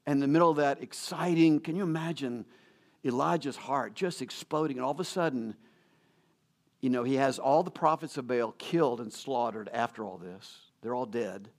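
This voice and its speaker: A man's voice: medium pitch, moderate pace. A man preaching a sermon, retelling a Bible story in a conversational way and acting out the quotes, with fillers and restarts. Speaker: pastor.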